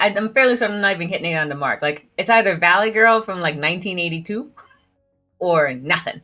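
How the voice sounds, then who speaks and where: A woman's voice: lowish voice, pushed and bright. Giggly woman reading a game aloud. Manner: giggly, chatty, fills speech with "like". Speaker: game streamer. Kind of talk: let's play commentary, reading game dialogue aloud.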